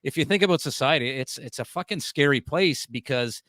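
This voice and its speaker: A man's voice: medium pitch, animated, fairly quick, fairly bright tone, no echo, studio quality. A man on a comedy podcast talking emphatically and swearing. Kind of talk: casual podcast chat.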